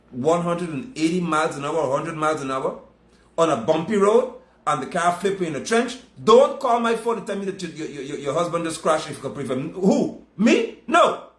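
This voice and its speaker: A man's voice: a little high, reverberant. A man preaching a sermon, emphatic and scolding, repeating his points.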